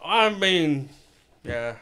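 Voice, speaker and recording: A man's voice: on the high side, very animated, drawn-out words, pushed and bright, clear, resonant tone. A man co-hosting a comedy podcast, blunt and profane in his banter. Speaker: podcast co-host. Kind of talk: crude casual banter.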